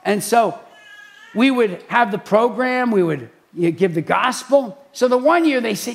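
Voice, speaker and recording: Gravelly high-voiced preaching man. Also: moderate pace. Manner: animated storytelling, acts out quoted voices. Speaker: pastor. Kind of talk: preaching talk.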